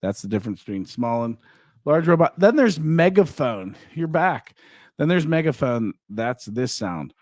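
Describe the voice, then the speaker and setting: A man hosts a studio podcast with teasing, animated banter. His pitch swings widely as he jokes. The sound is dry and close on a desk mic. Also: moderate pace, no room sound. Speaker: podcast host. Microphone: desk microphone.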